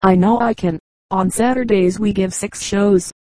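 A woman's voice: medium pitch, steady tone, measured pace, warm tone, no echo, natural voice, rough recording. A woman reading the lines of a boastful young man who eats eggs for a living, in a matter-of-fact tone. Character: young man, boastful egg-eating freak.

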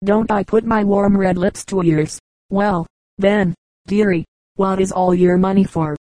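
A woman voicing a prim, disapproving young woman who gossips about a neighbor, read in a dark, dry audiobook voice. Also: medium pitch, fairly even intonation, measured pace, no echo, lightly acted, low-quality recording. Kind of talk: audiobook character reading.

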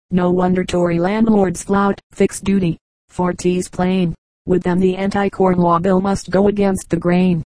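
A woman reading a comic periodical aloud as an audiobook, in a measured, even manner. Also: fairly low pitch, dry recording, rough recording. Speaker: audiobook reader.

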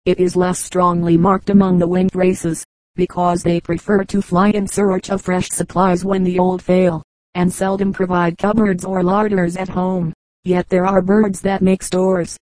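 A woman narrating an audiobook of children's stories in a measured, even reading. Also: fairly low pitch, no echo, poor audio. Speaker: audiobook reader. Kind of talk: storybook narration.

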